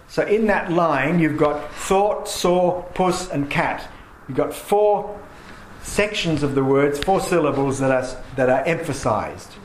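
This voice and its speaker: A man lectures a class on poetry, reading lines of verse with heavy, deliberate emphasis on the stressed words. His voice sits a little higher than most men's. The room is echoey, with a faint hum of ambience behind him. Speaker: teacher.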